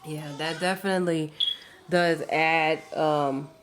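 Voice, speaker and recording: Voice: medium pitch, fairly even intonation, takes it slowly, fairly bright tone, slight background noise. Podcast host prompting a guest. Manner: encouraging, short backchannel replies. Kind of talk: casual interview.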